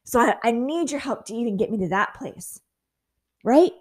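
Woman, podcast host, faith-based motivational talk, earnest, encouraging, self-mocking, acts out prayers, slightly high voice. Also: lively intonation, moderate pace. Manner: candid and self-mocking, laughs at herself.

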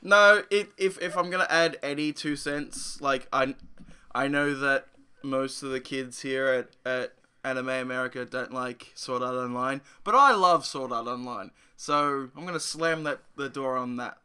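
Bright-voiced Australian man, animated chat. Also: medium pitch, moderate pace, clean tone. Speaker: podcast co-host. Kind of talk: casual podcast chat.

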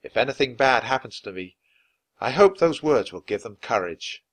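A man's voice: mid-range voice, lively intonation, normal speed, fairly bright tone. A man voicing a stern, commanding army captain in a storybook reading. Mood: grave.

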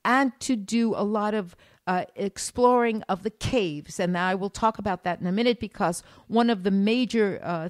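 A woman's voice: mid-range voice, darkish tone, no echo. Teacherly American woman, dry sound. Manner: explanatory, teacherly, many fillers and restarts. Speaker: podcast co-host; former art school teacher. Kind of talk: casual travel podcast chat.

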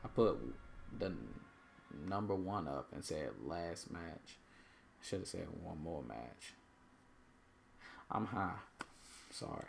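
A man giving casual, joking commentary while playing a shooter game, with sudden loud bursts of excitement. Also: sits low, slow pace, gravelly, pauses often, slight background noise. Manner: joking, loose and self-mocking. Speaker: gamer.

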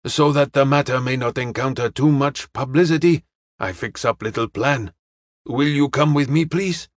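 A man's voice: mid-range voice, no echo, clean studio sound, voice pushed up, natural voice. Man voicing a courteous, formal detective. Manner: measured, courteous, clipped formal phrasing. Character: polite, formal middle-aged male detective. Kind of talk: audiobook character reading.

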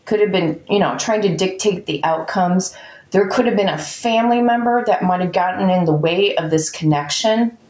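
A female tarot reader chats with her viewers, musing aloud over each card and talking to her dog in between. Her voice is lowish and darkish in tone, at a normal speed. The room she's in sounds echoey.

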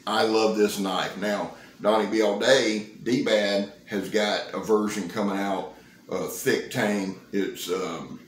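A fifty-something man with a drawl, hyped up and folksy as he shows off his knives in a casual vlog. His voice sits on the low side, and the room gives it a roomy echo with a faint hum of ambience behind. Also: takes it slowly. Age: 50s. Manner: excitable, folksy, joking. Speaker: knife reviewer. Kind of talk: casual knife-review vlog. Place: indoor room. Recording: roomy, echoey sound.

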